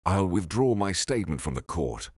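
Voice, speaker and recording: A man voicing a desperate mother who speaks calmly but pleads. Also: sits low, normal speed, slightly rough, dry recording, exaggerated voice. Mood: pleading. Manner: calm, pleading.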